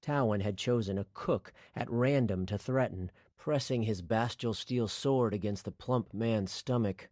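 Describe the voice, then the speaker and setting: A man narrating a fantasy audiobook in a steady, scripted storytelling voice. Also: fairly low pitch, a little slow, hardly any pauses, no room sound, studio quality.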